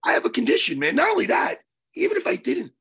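A man telling a story on a podcast in a casual, animated way, swearing and loudly acting out what people said. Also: very high-pitched, fast, gravelly, breathy edge. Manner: animated, swearing, acts out his own quotes loudly. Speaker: podcast co-host.

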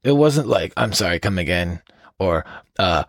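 A low-voiced man hosts his own podcast, tearing through weird news with swearing and laughter. His voice leaps up and down as he gets worked up. The recording is close and dry. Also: normal speed, dry recording. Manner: profane, animated, laughing storyteller. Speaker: podcast host. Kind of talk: casual solo podcast news commentary.

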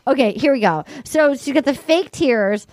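A woman's voice: sits high, normal speed, no echo. A woman hosting a podcast in casual chat, talking animatedly and acting out other people's lines. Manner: animated, quotes others in acted voices. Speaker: podcast host.

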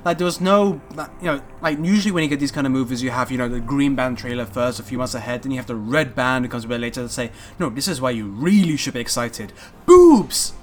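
A man co-hosting a casual movie review chat, animated and sweary with quick asides. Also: mid-range voice, slight background noise. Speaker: podcast co-host.

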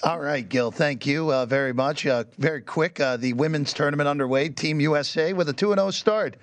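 A man co-hosting a sports betting show, giving a quick results update with filler words. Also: fairly high pitch, dry recording. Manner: brisk recap with fillers. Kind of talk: casual radio show chat.

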